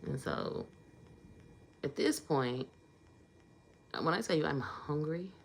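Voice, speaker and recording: A woman's voice: low-pitched, takes it slowly, vocal fry, pauses often, a little hiss or hum. A woman telling a casual storytime vlog in a conversational way, getting emphatic in her asides.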